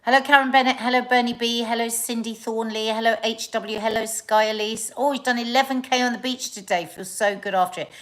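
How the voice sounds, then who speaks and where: A woman's voice: mid-range voice, poor audio. A middle-aged woman hosting a casual live stream, chatty and effusive, greeting viewers by name and calling them darling. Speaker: host of a live online chat show.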